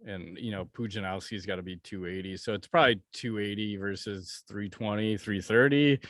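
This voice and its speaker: A man's voice: lowish voice, normal speed, a bit bright, no echo, clean studio sound. A man co-hosting a podcast in casual chat, talking bluntly with plenty of swearing and jokes. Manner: blunt, profane, joking. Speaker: podcast co-host.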